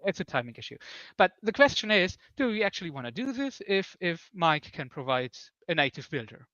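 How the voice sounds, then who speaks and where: A man's voice: high-pitched, sing-song, fairly quick, bright, forceful tone, no room sound. Hesitant man explaining builds on a lo-fi call. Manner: hesitant, many fillers and restarts. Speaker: developer on a conference call. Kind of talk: technical discussion.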